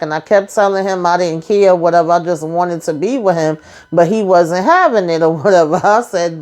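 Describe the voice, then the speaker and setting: A woman's voice: lowish voice, moderate pace, a little mellow. A woman host casually recapping a TV episode, acting out each character's lines in a blunt, profane way.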